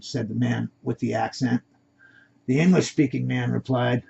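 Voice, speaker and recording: A man reads his own draft story aloud, unpolished and correcting his slips. His voice is gravelly and husky. The recording sounds dull and lo-fi. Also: mid-range voice, fairly even intonation, moderate pace, warm tone. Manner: unpolished reading with self-corrections. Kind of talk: amateur story reading.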